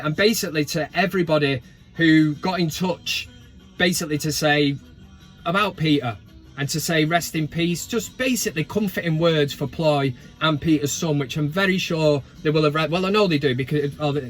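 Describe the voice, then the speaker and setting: A man's voice: a little high, moderate pace, faint music behind. A man hosting a casual football chat vlog, full of jokey banter and swearing. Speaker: host.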